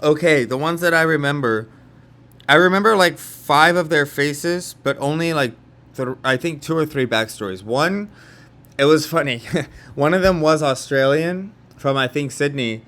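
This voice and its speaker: A man's voice: fairly high pitch, normal speed, fairly bright tone. A young man from California telling a story in a casual vlog monologue, rambling, with lots of fillers and restarts. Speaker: vlogger.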